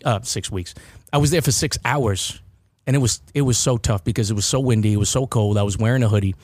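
A man's voice: mid-range voice, a little mellow, dry recording, clean studio sound. A man hosting a casual podcast chat, rambling with restarts and repeated words. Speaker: podcast host.

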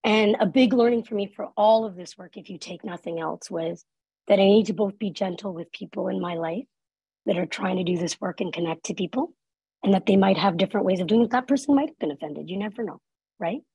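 A woman's voice: medium pitch, brisk, vocal fry, mellow, slightly rough, no echo, poor audio. A woman speaking on workplace inclusion, telling a personal story in an earnest, conversational way, often saying "like" and "right?". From Canada. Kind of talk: live talk with a personal story.

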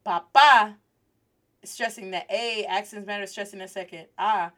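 A woman hosting a Spanish lesson, telling a lively story and drawing out key words for emphasis. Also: medium pitch, normal speed, very noisy. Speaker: Spanish teacher and host.

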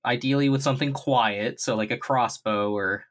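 A man co-hosting a podcast in casual chat, jokey and animated, swearing freely. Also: mid-range voice, moderate pace. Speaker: podcast co-host.

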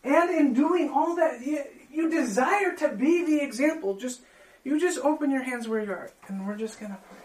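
A man with a strikingly high voice tells his story with fervent emotion. He speaks as a preacher and leads a heartfelt prayer. The sound rings around a roomy, echoing space. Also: moderate pace. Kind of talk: testimony and sermon with led prayer. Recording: roomy echo.

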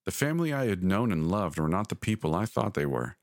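A man with a very deep voice narrates a scripted horror story. He speaks in a measured, deliberate way, and the recording is dry and close. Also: very animated, vocal fry, no room sound. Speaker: podcast narrator.

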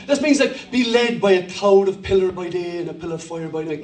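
High-voiced Cork Irish pastor preaching. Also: male voice, fairly quick, roomy sound, far from the mic. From Ireland. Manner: humorous storytelling, animated impressions. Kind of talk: sermon.

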